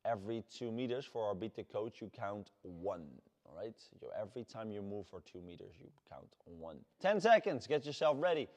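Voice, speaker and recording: A man with a Dutch accent leading a workout class as fitness coach, shouting energetic encouragement. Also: fairly high pitch. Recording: long hall reverb.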